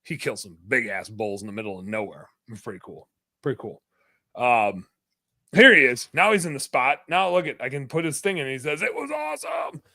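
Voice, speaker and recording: A man's voice: medium pitch, a little fast, bright, forceful tone, dry recording. A man hosting a podcast in casual chat, joking, laughing often and reading listener comments aloud. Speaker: podcast host.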